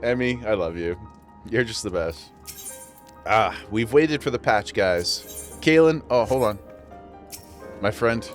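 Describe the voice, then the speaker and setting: Faint music sits behind a man with a western New York accent who talks slowly in a lowish voice, leaving long pauses. He's streaming a game, chatting casually and laughing often.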